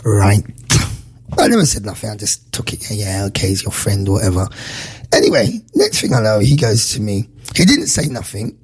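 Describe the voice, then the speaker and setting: A man's voice: fairly low pitch, moderate pace, slightly rough. A man hosting a radio show, telling a story in a casual, emotional way and acting out the voices. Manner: animated, emotional storyteller who acts out voices. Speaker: radio presenter.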